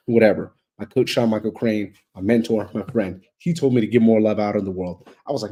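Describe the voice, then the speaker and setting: Man, low husky voice, profane, preachy, emphatic repetition, motivational talk. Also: fairly quick, few pauses, dark tone. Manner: blunt, heavily profane, preachy. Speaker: motivational speaker. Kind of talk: unscripted motivational monologue.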